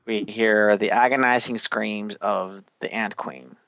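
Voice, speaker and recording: A man hosting a casual chat, retelling scenes with animated energy, acting out lines and swearing casually, on a dull, dry recording. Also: fairly low pitch, unhurried, vocal fry, no room sound. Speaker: podcast host recapping an anime.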